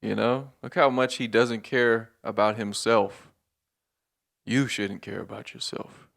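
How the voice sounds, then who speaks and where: A man's voice: on the low side, steady tone, unhurried, gravelly, fairly bright tone. A man hosting a podcast, ranting in a casual, profane, rambling way and laughing between points, and sounding hungover. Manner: profane, rambling, laughing, with many filler words. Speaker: podcast host. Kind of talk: casual monologue rant.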